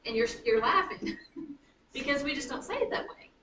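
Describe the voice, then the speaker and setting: A woman teaching a high school writing class, chatty and self-correcting as she taps out rhythms aloud. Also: lively intonation, normal speed. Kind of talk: classroom lecture. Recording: roomy classroom from a distance, faint noise.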